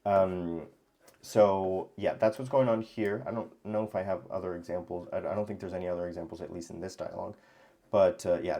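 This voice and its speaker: A man teaching grammar in a casual lesson, thinking aloud with many pauses and restarts. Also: deep voice, dark tone. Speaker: language teacher.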